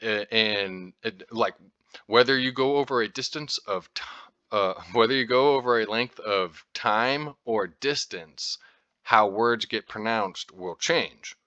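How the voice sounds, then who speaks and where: A man's voice: fairly low pitch, a little slow, pushed and bright, no room sound, muffled recording. An American man talking casually as a podcast host, rambling with lots of fillers and restarts and the odd swear word. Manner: informal, occasionally profane. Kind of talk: casual explanatory talk.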